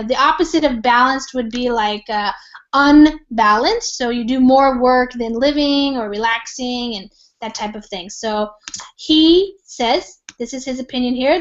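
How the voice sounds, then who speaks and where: An American woman teaching an online English reading lesson, explaining words patiently with lots of fillers and examples. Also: sits high. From United States. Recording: dull lo-fi call audio.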